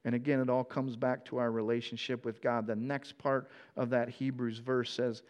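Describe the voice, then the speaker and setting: A man preaching a conversational sermon, earnest and animated in his storytelling. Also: mid-range voice, moderate pace.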